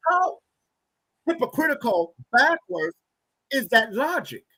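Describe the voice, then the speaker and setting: A man in his thirties, a podcast guest, telling a personal story in an animated, emphatic way. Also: extremely high pitch, takes it slowly, a little hiss or hum, rough recording. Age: 30s.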